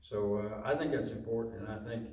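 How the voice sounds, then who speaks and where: A man's voice: on the low side, brisk, darkish tone. A man talking earnestly and thoughtfully in casual chat, with some hesitation. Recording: echoey room, far from mic, noisy.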